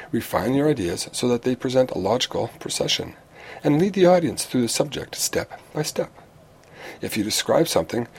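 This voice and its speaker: A man reading a prepared talk of practical advice on public speaking, in a measured, instructive way with the odd small restart. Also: medium pitch, a little mellow, husky.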